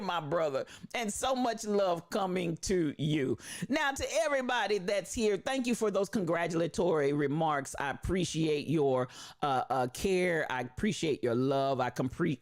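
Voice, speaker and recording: A live streamer with a preacher's cadence, who talks exuberantly, repeats phrases and shouts out viewers by name. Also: medium pitch.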